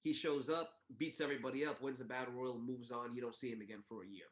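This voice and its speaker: A man co-hosting a podcast, telling a story in casual chat and acting out quotes with big jumps in pitch. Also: steady tone, quick pace. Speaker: podcast co-host. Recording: roomy echo.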